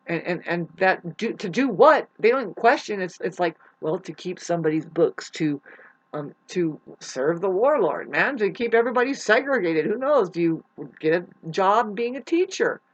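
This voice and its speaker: A woman vlogging a rambling spiritual monologue, swearing often, restarting her sentences, and swinging between loud outbursts and hushed asides. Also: fairly low pitch, lively intonation, moderate pace, highs cut off. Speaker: astrology vlogger.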